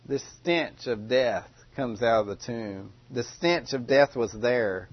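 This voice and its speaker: Male preacher, mid-pitched, dramatic delivery, dry and dull recording. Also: no echo. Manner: dramatic, with loud cries and hushed pauses. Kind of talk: sermon.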